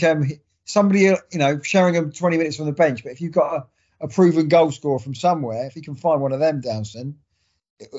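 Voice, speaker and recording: A man's voice: medium pitch, a little mellow, slightly rough, muffled recording. A man co-hosting a casual football podcast. He rambles and circles back with restarts and fillers. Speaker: podcast co-host. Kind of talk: casual sports chat.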